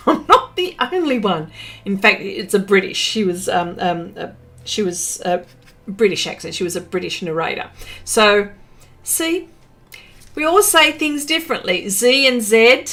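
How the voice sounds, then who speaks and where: A woman's voice: medium pitch, a bit bright. An Australian woman hosting a livestream, chatting casually and reading viewer comments aloud with lots of fillers. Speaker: livestream host. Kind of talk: casual chat while painting, reading comments.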